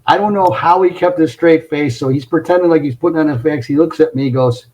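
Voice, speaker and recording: Animated man telling stories. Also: a little high, fast talker, poor audio. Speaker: podcast guest. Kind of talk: casual storytelling. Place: home closet.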